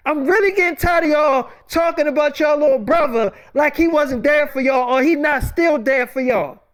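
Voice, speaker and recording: Woman doing a furious cussing aunt, high voice, rapid-fire scolding. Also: natural voice. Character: furious aunt ranting at her in-laws.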